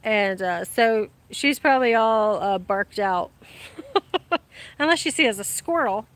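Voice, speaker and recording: With a mid-range voice and lively intonation, a woman speaks at a measured pace while hosting a casual livestream outside in the sun. She reads viewer comments from her phone, greeting people warmly and laughing frequently in easygoing chat.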